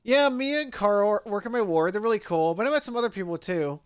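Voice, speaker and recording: A man's voice: sits high, animated, brisk, clear, resonant tone. A man voicing an earnest young male doctor in his first job, read aloud plainly. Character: young male doctor, nervous new resident.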